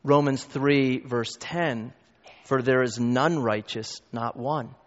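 A man preaching a sermon as pastor, emphatic and building to loud peaks, with quick asides to the congregation. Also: mid-range voice, fairly even intonation. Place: church hall. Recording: long reverb, dull lo-fi.

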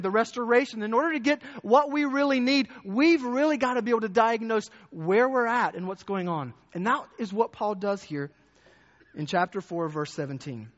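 A man with a fairly high voice preaches in a loose, conversational way, circling back over his words and putting questions to the congregation. The recording is muffled and carries the long echo of a church hall. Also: fairly bright tone. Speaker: pastor. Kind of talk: sermon.

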